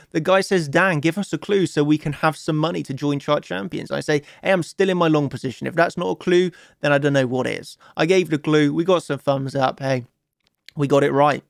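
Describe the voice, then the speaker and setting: A man's voice: fairly high pitch, gravelly, no room sound, studio quality. A young man walking viewers through a crypto price chart, blunt and self-assured, often restarting his words. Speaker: crypto trading analyst. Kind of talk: live chart analysis monologue.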